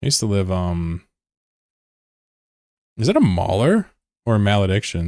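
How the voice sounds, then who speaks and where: A man chatting casually on a live game stream, excitable and swearing freely as he answers chat between calls. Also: lowish voice, measured pace, no echo, clean studio sound.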